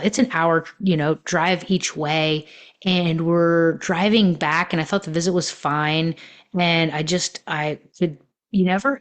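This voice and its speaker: Woman relationship coach on a podcast, kinda low voice, reflective, lots of ums while telling stories. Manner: reflective, storytelling with many fillers. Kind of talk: podcast monologue.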